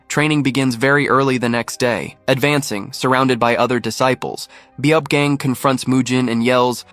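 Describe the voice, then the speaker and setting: A man narrating a comic recap in an even, scripted reading style. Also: mid-range voice, no echo.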